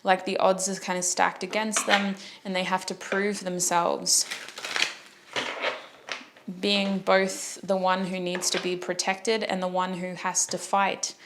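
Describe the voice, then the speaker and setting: A woman's voice: on the low side, level tone, slow, noisy background. A woman giving a casual tarot reading, chatty and joking, breaking off to apologize and correct herself. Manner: chatty, jokey, self-interrupting. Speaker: tarot reader.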